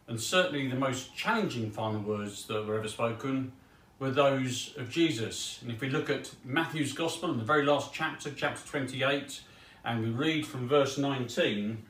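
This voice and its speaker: A man giving a sermon in a relaxed, chatty way with small humorous asides. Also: medium pitch. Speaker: preacher. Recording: echoey room heard from a distance.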